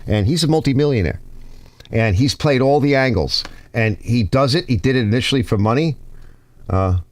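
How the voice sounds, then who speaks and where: A man's voice: medium pitch, lively intonation, normal speed, no room sound. Man, New York accent, casual rambling, channel host, dry room. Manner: rambling, restarts sentences, reads comments aloud. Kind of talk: casual rambling talk to viewers.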